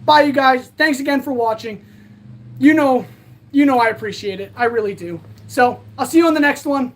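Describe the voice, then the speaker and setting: Ending a casual livestream, a woman with a high, bright voice speaks at normal speed and rambles earnestly through thanks to her viewers. She's tired and a little out of breath, her voice sagging with exhaustion but still light.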